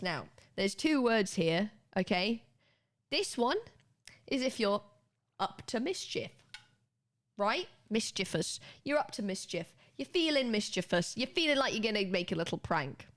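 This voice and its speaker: A woman's voice: medium pitch, big pitch swings, a little slow. A British woman streaming live, chatting casually and laughing often as she teaches a spelling lesson to her viewers.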